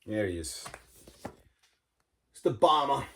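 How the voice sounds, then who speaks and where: A man's voice: mid-range voice, very animated, slow pace, vocal fry, fairly bright tone, slight background noise. A man, casually talking viewers through his record collection, enthusiastic and loose, saying "man" and "all right" a lot. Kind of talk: casual show-and-tell vlog.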